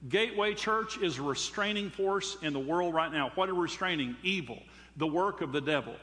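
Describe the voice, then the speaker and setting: A long reverb from a large hall follows every phrase as an older pastor preaches fairly quickly to his congregation. His voice is forceful and bright, riding a bit high, and his emphatic sermon relies heavily on rhetorical questions.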